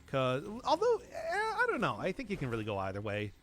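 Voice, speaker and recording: Here a man's mid-range, slightly bright voice swoops wildly in pitch as he talks fairly quickly over a faint hiss or hum. He's a streamer giving casual live commentary while playing a game, rambling, chuckling frequently and responding to chat.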